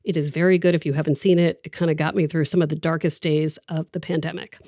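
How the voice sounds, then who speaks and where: A woman hosting a podcast in a chatty, enthusiastic way, often slipping into quoted asides. Her voice sits a little low and the recording is close and dry, with no room sound. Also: fast talker, no room sound. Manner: chatty and enthusiastic, quoting people in lively asides. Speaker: podcast host. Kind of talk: conversational podcast interview.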